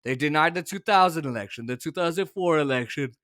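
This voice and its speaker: A man hosting a political commentary show, talking in an opinionated, sarcastic and exasperated way, with sudden shouted bursts. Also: fairly high pitch, lively intonation, fast.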